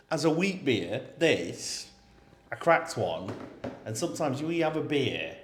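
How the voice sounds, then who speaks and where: A man co-hosting a podcast in casual chat, rambling and often breaking into laughter. His voice sits at an ordinary middle pitch. The room around him is echoey. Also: very animated, slow, a little hiss or hum. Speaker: podcast co-host.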